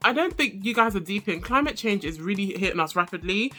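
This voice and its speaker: Woman, young, bright lively recap host, faint music under. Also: fairly quick. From Nigeria. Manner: animated, laughs often, mimics people in high voices. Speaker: reality show reviewer. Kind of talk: casual chatty recap vlog.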